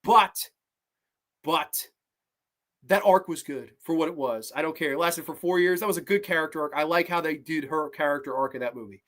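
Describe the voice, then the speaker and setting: A horror movie reviewer ranting through a sequel with profane, sarcastic jabs, dropping to low grumbles and rising to loud mocking shouts. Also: normal speed.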